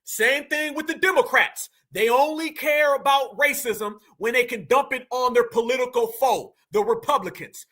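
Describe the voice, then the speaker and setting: A man hosting a reaction commentary show, talking to his audience in lively slang and stopping a clip to answer it. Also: extremely high pitch, moderate pace, hardly any pauses. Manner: animated, addresses audience directly with slang. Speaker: commentary host.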